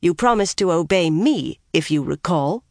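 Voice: medium pitch, lively intonation, normal speed, dry recording, studio quality, lightly acted. A reader voicing a firm, commanding young woman who insists she be obeyed.

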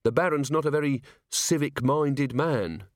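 A man's voice: on the high side, a little slow, no room sound, studio quality, pitched above the performer's own voice, natural voice. A man voicing a polite, earnest young male watch captain in a lifted, eager voice.

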